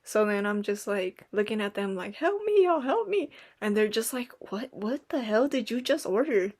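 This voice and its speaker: Young woman, casual podcast chat, rambling, filler-heavy, plays out quotes, mid pitch. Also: steady tone, moderate pace, darkish tone. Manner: rambling storytelling, lots of "like" and "um", acts out quotes. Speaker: podcast co-host.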